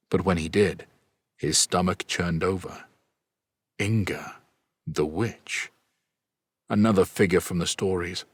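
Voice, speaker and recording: A man narrating a fantasy audiobook in a steady, even storytelling manner. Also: deep voice, slightly rough, no echo. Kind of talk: scripted narration.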